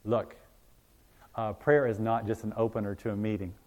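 A man preaching a sermon, telling a story with acted-out dialogue and swinging from loud, emphatic passages to hushed ones. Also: lowish voice, flat delivery, normal speed, dull audio.

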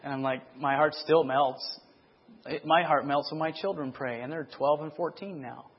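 A middle-aged man preaching his testimony in a sermon, asking for amens and getting loud and excited as he retells stories. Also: a little high, normal speed, breathy edge, dull audio.

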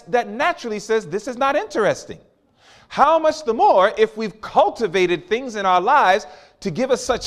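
A man preaching a sermon, acting out quoted voices with big swings as he tells stories. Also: high voice. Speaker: pastor.

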